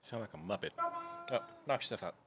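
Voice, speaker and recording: Lively, bright-voiced man podcast host. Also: lowish voice, quick pace, a little hiss or hum. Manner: wry, exasperated, reads out stats. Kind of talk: casual chat.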